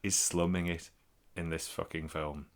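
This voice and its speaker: A man's voice: sits low, little pitch movement, unhurried. A man, co-hosting a podcast in casual, rambling chat full of swearing. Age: 40s. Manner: sweary, rambling, laughs a lot. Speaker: podcast co-host.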